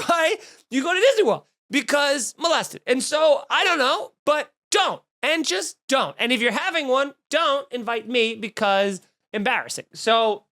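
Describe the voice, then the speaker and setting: A man's voice: very high-pitched, bright, forceful tone. A man hosting a comedy podcast, riffing in a snarky, profane monologue full of mock outrage. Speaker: podcast host.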